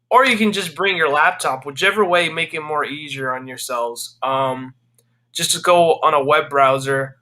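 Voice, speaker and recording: A young man, a game developer guest, chats casually and eagerly, talking at length and responding with easy agreement. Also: a little high. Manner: eager and talkative, warm agreement. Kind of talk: casual chat.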